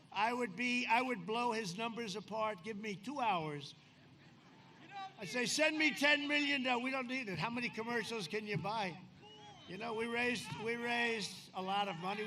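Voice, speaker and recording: Boastful older man at an outdoor rally. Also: sits high. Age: 70s. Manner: boastful, rambling, shifts between shouting and mock-confiding asides. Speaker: politician speaking at a campaign rally. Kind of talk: rally speech. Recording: outdoor rally PA with crowd noise. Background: crowd ambience.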